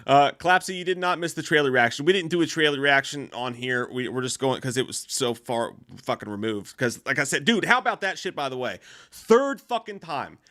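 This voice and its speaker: A man's voice: medium pitch, fairly quick, no room sound, clean studio sound. A young man in casual podcast chat with a co-host, swearing often and laughing as he talks. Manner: profane, laughing often, animated.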